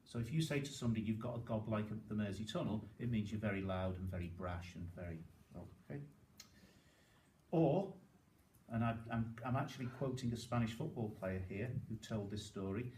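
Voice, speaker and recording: A man from Liverpool with a Liverpool accent, giving an informal talk to learners and explaining things slowly, often checking in with "okay?". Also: fairly low pitch, dark tone, echoey room, far from the mic, a little hiss or hum, poor audio. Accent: Liverpool (Scouse). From Liverpool, England.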